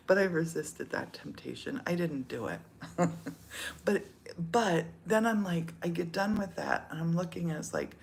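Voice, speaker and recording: A woman's voice: low voice, sing-song, unhurried, gravelly, slight background noise. A middle-aged woman from the United States chatting casually, laughing often and slipping into whispers. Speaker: vlogger. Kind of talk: casual chat.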